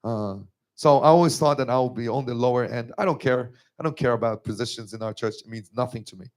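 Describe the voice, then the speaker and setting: A man's voice: fast, darkish tone. Emotional man giving a church testimony. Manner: emotional, rising to high strained pitch when moved. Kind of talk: personal testimony sermon.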